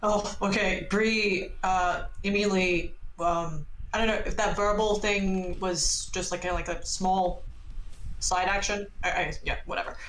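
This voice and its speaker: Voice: mid-range voice, steady tone, measured pace, fairly bright tone. A player in a casual tabletop game who giggles often and thinks aloud hesitantly. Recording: echoey room, faint hiss.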